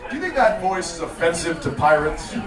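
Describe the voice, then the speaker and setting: A man performing a stand-up comedy set with a punchy, animated delivery on a live club stage. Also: fairly high pitch, a little fast, a loud crowd. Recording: roomy club sound, mic at a distance. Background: audience laughter.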